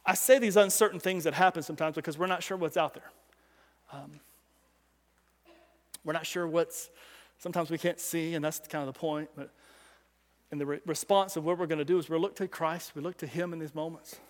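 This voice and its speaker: A man preaching as a pastor on a Sunday morning, telling a story with animation and swinging from loud calls to hushed asides. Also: a little high, fairly even intonation, brisk, pauses often. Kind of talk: sermon. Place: church sanctuary. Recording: long hall reverb.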